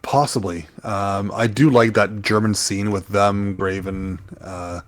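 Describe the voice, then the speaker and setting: A man co-hosting a podcast in casual chat, pausing often with fillers while he recalls names. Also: lowish voice, fairly even intonation. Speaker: podcast co-host.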